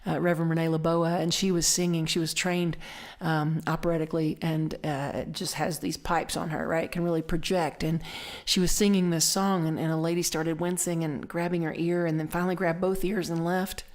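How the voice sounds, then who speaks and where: A woman minister giving a conversational sermon, telling stories in an animated way and dropping to soft whispers for emphasis. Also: low-pitched, moderate pace.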